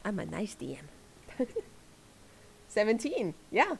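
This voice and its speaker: A woman running a tabletop game as game master, talking in a halting way with many fillers and frequent laughter. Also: mid-range voice, wildly swooping pitch, gravelly, slightly rough.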